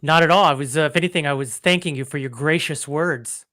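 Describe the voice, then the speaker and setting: A man co-hosting a loose comedy podcast, his voice sitting slightly high. He rambles through self-deprecating stories and acts out little exchanges in made-up voices, filling gaps with ums and uhs. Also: fast, bright, forceful tone. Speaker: podcast co-host.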